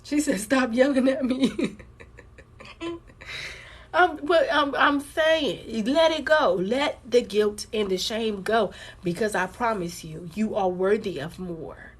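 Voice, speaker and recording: A woman's voice: medium pitch, takes it slowly, husky. Blunt, cursing woman fighting a cough. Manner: blunt, profane, emphatic, repeats her points. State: holding back a cough, sore throat. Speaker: live-streaming card reader. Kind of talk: casual live stream talk to viewers.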